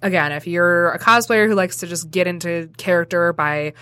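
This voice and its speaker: A woman's voice: fairly low pitch, moderate pace, fairly bright tone, no echo. A woman hosting a casual podcast, reading an ad in a chatty, giggly, ad-libbed way. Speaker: podcast host. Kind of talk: casual podcast chat with ad read.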